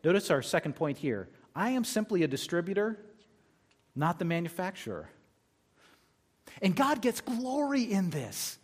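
A man's voice: high-pitched, big pitch swings, moderate pace, long pauses, breathy edge. A man preaching a sermon as pastor, talking conversationally and reading scripture aloud between his points.

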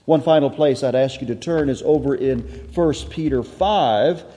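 A man's voice: fairly high pitch, warm tone. A male pastor preaching a sermon to his congregation, reading scripture and explaining Greek word meanings. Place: church sanctuary. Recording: long hall reverb.

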